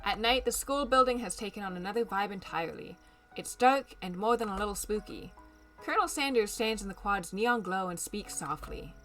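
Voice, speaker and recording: A woman streamer in casual gaming commentary, reading game text aloud, joking and reacting loudly and playfully. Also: mid-range voice, expressive, fairly quick, faint music behind.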